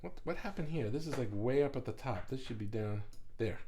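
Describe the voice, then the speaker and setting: A man's voice: mid-range voice, lively intonation, a little fast, mellow, slight background noise. A man hosting an art group's livestream replay, talking casually with many fillers and restarts, greeting viewers as he goes.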